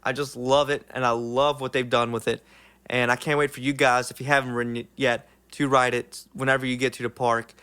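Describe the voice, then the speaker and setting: A man's voice: mid-range voice, flat delivery, brisk, pushed and bright, clear, resonant tone. A young man giving an enthusiastic, casual theme park ride review, full of "like" fillers.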